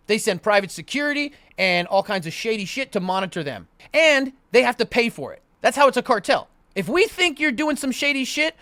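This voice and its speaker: A man's voice: sits high, dry recording. A man streaming live, telling a story casually, with lots of swearing, repetition and restarts. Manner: profane, rambling, animated, repetitive.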